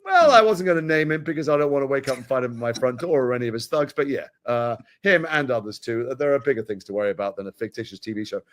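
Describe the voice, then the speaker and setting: Fast-talking middle-aged British actor. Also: male voice, medium pitch. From Britain. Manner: animated storyteller, quick with asides. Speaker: actor guest. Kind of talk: casual interview chat.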